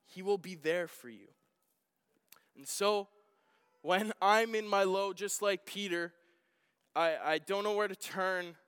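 Animated pastor in a reverberant hall. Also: male voice, high voice, slow pace, pauses often, clear, resonant tone. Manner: animated storytelling, acting out his own shouts. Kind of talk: sermon.

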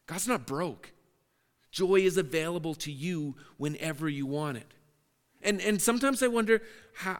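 A man's voice: fairly high pitch, clear, resonant tone. Male pastor preaching in a reverberant hall. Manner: earnest, with frequent word repeats and restarts. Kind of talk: sermon.

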